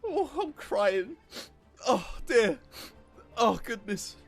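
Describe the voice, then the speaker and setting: A woman's voice: fairly high pitch, sing-song, drawn-out words, soft background music. A woman laughing helplessly and speaking in casual stream chat.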